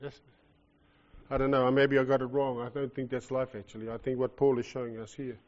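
A man with a New Zealand accent preaching a sermon, animated and jokey, swinging from loud bursts to soft asides. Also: mid-range voice, fairly quick, big-room sound. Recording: lo-fi muffled recording.

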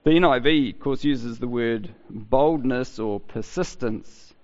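A man's voice: medium pitch, darkish tone. Man preaching in an echoing hall. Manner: conversational, halting with many restarts. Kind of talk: sermon. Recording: dull sound with long hall reverb.

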